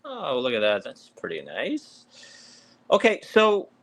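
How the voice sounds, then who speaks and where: A male podcast host with a gravelly edge to his voice, chatting casually with his guests. His pitch rises and falls a lot as he asks his questions. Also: huge pitch swings, takes it slowly, fairly bright tone. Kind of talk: casual interview chat.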